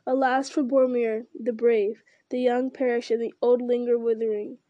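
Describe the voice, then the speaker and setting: A woman's voice: fairly high pitch, little pitch movement, moderate pace, no echo, highs cut off, natural voice. A woman voicing an old king in a storybook reading, stern and lamenting in turn. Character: aged male king, weary then roused.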